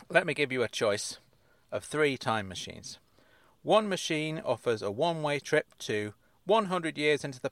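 A man's voice: medium pitch, a bit bright, no room sound. A man hosting a casual comedy podcast, rambling and hesitant with many restarts. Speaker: podcast host.

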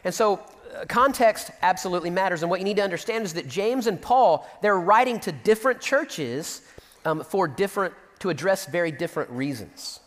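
A man preaching a sermon, reading scripture aloud and acting out the quotes with lively emphasis. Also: sits high, brisk, long reverb tail. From Central Texas. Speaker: pastor.

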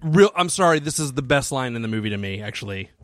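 Excitable, swearing man on a dry mic. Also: mid-range voice, fast, no echo. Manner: excitable, laughs often, swears freely. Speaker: podcast co-host. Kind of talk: casual movie commentary.

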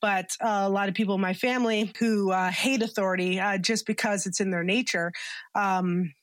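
A woman's voice: mid-range voice, fairly even intonation, normal speed, dry recording. A woman from Canada, a comedian guest on an interview show, talking candidly with frequent fillers and laughter. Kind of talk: casual interview chat.

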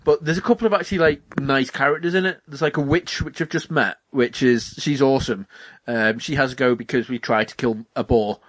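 Swearing, animated young man. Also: mid-range voice, a little fast, no room sound. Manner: animated, swears freely, acts out quotes. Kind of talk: casual chat about video games.

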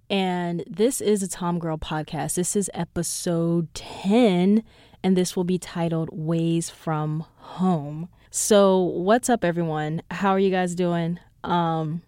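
A young woman hosts her own solo podcast, chatting casually and rambling with lots of "like" and "um." She's animated, her pitch jumping up when she retells reactions. Her tone is clean, with no room sound and studio quality.

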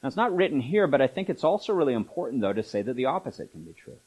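A man's voice: mid-range voice, sing-song, very fast, a little mellow, low-quality recording. A man preaching a sermon as pastor, in a conversational manner full of asides and filler words. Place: church.

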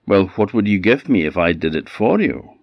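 A man's voice: lowish voice, sing-song, normal speed, no echo, dull audio, pitched above the performer's own voice. A man playing a sly, cruel little trickster. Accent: Orkney Scots.

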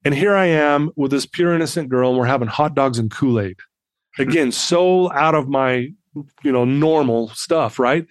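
A man in his fifties, a podcast guest telling a personal story in an animated way and acting out the people in it. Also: medium pitch, normal speed, dry recording.

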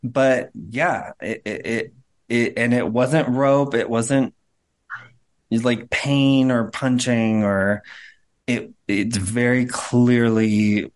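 A man hosting a casual video-call chat, speaking haltingly and laughing nervously as he describes a spiritual impression. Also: mid-range voice, fairly even intonation. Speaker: host. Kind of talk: casual group chat about a spirit reading.

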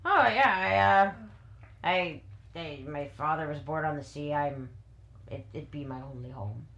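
A woman voicing a mild-mannered fisherman who speaks haltingly in a shifting, odd accent. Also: fairly low pitch, dull audio, voice pushed down, close to an everyday voice. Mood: wistful. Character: middle-aged male sea fisherman, plain and mild. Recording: roomy echo.

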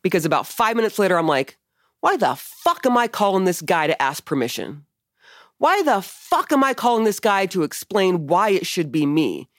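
A woman's voice: medium pitch, very animated, normal speed, no room sound, studio quality. A woman hosting a podcast, telling a personal story in casual conversation, candid and emotional, swearing often. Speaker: podcast host.

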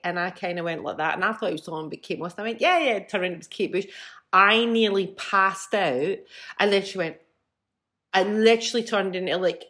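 Blunt Scottish woman, lower voice. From Scotland. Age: middle-aged. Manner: blunt, swears freely, lively storyteller. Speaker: band frontwoman. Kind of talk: casual interview chat.

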